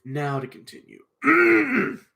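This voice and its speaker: A man reading a children's book aloud on a live stream, halting and restarting, clearing a strained throat often. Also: extremely high pitch, huge pitch swings, bright, forceful tone.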